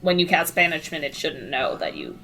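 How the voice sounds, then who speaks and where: A woman's voice: sits low, big pitch swings, a little fast, gravelly, sharp tone, far from the mic, a little hiss or hum. A woman playing a tabletop game, planning plainly with her party. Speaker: player.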